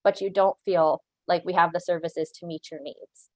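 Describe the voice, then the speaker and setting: An animal control officer leads an online training session, explaining things earnestly, often checking in with "right?" and laughing lightly now and then. Her voice is fairly low and steady at a moderate pace. The recording is low quality with no echo.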